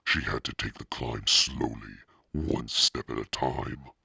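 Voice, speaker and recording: A man hosting a reading podcast as the devil, narrating a book slowly in a sinister persona. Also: pushed and bright, no echo, clean studio sound. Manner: slow, deep gravelly devilish delivery.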